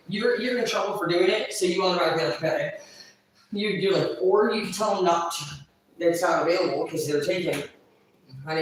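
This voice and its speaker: A woman's voice: low voice, a little hiss or hum. A woman vlogger talking in a rambling, casual monologue, crude and blunt, swearing constantly. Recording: echoey room, far from mic.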